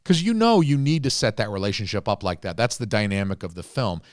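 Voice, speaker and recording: A man's voice: mid-range voice, dry recording, clean studio sound. A man co-hosting a podcast, rambling through a casual movie review and swearing freely. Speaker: podcast co-host.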